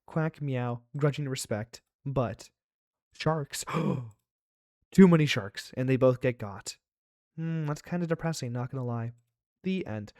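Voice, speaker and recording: A man's voice: mid-range voice, slow, long pauses, darkish tone, no echo. Man, game host, chatty playful reactions, dry close sound. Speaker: let's play host. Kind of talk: playing a game aloud.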